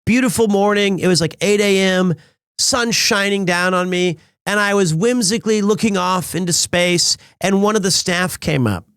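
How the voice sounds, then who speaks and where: A man's voice: high-pitched, normal speed, fairly bright tone, clean tone, no echo, studio quality. A man telling a rambling story in a casual live-stream chat. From United States. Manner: rambling storyteller with frequent restarts.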